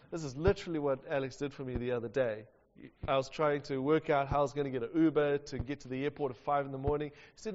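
A man preaching a sermon and telling a story, animated and often laughing. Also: a little high, normal speed. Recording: dull sound with long hall reverb.

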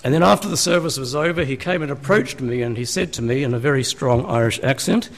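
A man preaching in an easy, conversational way, a pastor working through scripture with his congregation. His voice sits at a middle pitch, and he often turns to his listeners with rhetorical questions. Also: fast. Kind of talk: sermon. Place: church.

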